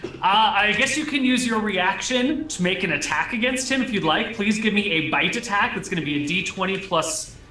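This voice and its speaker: A man runs a tabletop game as dungeon master, his bright, fairly high voice ringing in an echoey room. He explains the rules casually and revels in gross descriptions. Faint music plays underneath. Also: lively intonation, moderate pace. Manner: casual, amused, vivid gross narration. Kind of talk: running a tabletop game over voice chat.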